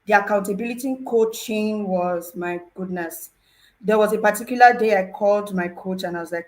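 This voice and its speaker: A woman's voice: medium pitch, moderate pace, low-quality recording. Earnest woman telling an emotional story. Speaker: program participant sharing testimony. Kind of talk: personal testimony on a panel talk show.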